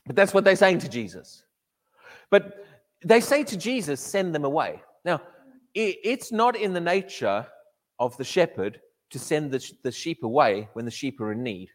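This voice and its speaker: Animated high-voiced male preacher. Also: normal speed. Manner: animated, repeats words, acts out whiny quotes. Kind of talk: sermon. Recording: echoey hall reverb.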